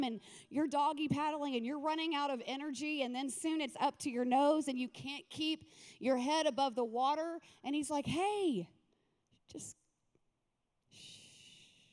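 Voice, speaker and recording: Woman pastor, high bright voice, lively and joking, speaks to a retreat crowd like friends. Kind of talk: sermon at a women's retreat.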